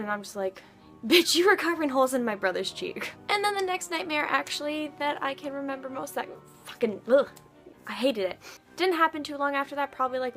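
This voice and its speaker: A woman's voice: on the high side, fairly bright tone. A woman in her twenties chatting to camera as a vlogger, telling stories casually, giggling and swearing now and then. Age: 20s.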